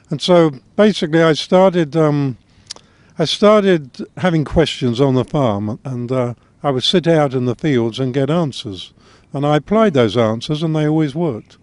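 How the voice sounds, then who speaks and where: An older man with a blend of English and Australian accent, telling his life story in a gentle, wry interview manner. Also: mid-range voice, no room sound. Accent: mixed English and Australian. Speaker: guest author. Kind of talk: reflective interview talk.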